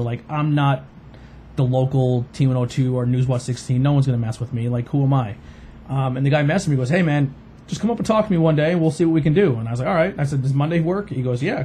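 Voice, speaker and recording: A fast-talking man, telling a rambling story on a casual podcast. His voice is dark and mellow, with a faint hiss behind it. He leans on fillers and acts out the voices of the people he quotes. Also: mid-range voice. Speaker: podcast host.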